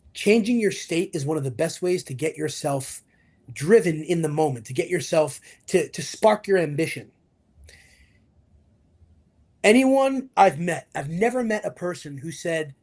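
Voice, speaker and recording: A man, a fitness coach, talking in an interview with motivational energy and acting out the voices of the people he quotes. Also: on the high side. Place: video call interview.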